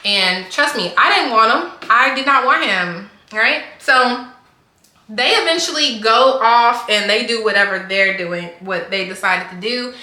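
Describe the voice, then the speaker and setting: A woman's voice: on the high side, lively intonation, measured pace, pushed and bright. A young woman telling a casual storytime, chatty and full of "like" and restarts. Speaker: vlogger. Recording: echoey room.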